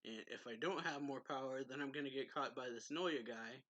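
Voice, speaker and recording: A man's voice: mid-range voice, normal speed, fairly bright tone, muffled recording, close to an everyday voice. A man voicing a brash young man who pushes hard for more power. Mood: pushy. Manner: pushy, insistent.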